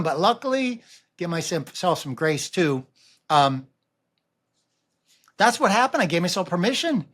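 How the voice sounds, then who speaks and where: Animated older man chatting about running. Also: sits high, takes it slowly, long pauses. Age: 60s. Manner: rambling, animated, with restarts and asides. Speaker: running vlogger. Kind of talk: casual talk to camera.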